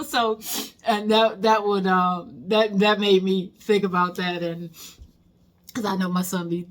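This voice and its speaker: A woman's voice: fairly high pitch, expressive, moderate pace, fairly bright tone. Chatty laughing woman in her fifties. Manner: chatty, laughs often, folksy storytelling. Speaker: teacher and vlogger. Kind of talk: casual reflective monologue.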